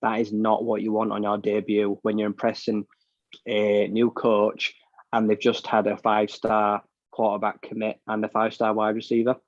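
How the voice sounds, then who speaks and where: British man, blunt, low and flat-voiced. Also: moderate pace, no echo. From United Kingdom. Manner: blunt, opinionated, rambling with restarts. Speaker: podcast co-host. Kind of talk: casual sports chat. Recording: dull, dry lo-fi mic sound.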